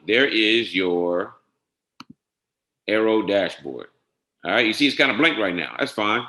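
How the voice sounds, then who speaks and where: A man giving a casual screen-share software walkthrough, methodically spelling out each entry step by step and often checking in with "all right?". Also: on the low side, animated, measured pace, reverberant. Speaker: software trainer.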